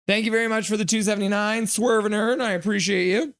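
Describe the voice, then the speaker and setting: A man's voice: high voice, steady tone, quick pace, hardly any pauses, fairly bright tone, no room sound. A man hosting a casual live hockey stream, chatting and reading viewer comments aloud in a jokey, friendly way. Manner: chatty, jokey, reads chat aloud and thanks donors.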